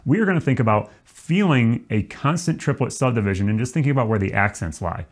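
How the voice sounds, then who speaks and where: A man teaching trombone, explaining swing feel in a relaxed, demonstrative way. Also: medium pitch, fast talker. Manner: relaxed, demonstrative, counts off and sings rhythm syllables. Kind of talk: music lesson.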